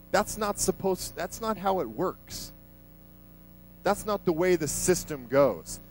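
A man's voice: high voice, lively intonation, moderate pace, a little mellow, faint music behind, low-quality recording. A man preaching a sermon in a conversational, emphatic way, vividly retelling a scripture passage.

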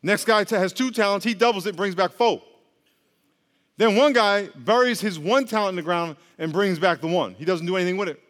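A man's voice: sits high, fairly quick, a bit bright, big-room sound. A male pastor giving a casual, joking sermon, drawing the congregation into call-and-response.

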